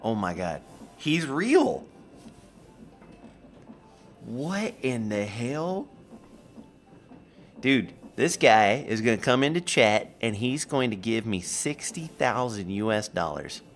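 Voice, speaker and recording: Slow, lively-pitched male streamer. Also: faint music behind. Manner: rambling storyteller with lively quoted voices. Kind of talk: casual chat on a livestream.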